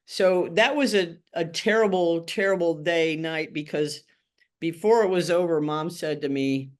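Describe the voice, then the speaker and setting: Speaking a little slowly in a lowish voice, an older Tennessee woman tells her life story for an oral history interview. She's frank and wry, and she acts out the voices of people she quotes.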